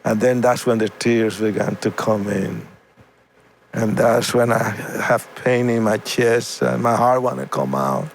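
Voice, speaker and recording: A man, an evangelist guest, telling his personal testimony haltingly, repeating and restarting words with deep feeling. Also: little pitch movement, gravelly, a little hiss or hum.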